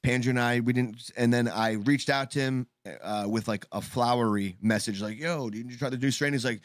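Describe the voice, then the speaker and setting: Man, show co-host, casual group chat, rambling, halting restarts, mid pitch, dry close sound. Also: no echo. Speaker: podcast co-host.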